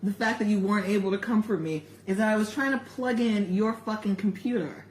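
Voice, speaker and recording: A woman on a casual podcast chat, telling a story in an animated way, often laughing. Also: mid-range voice, fairly quick. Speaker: podcast co-host. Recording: echoey room, faint background noise.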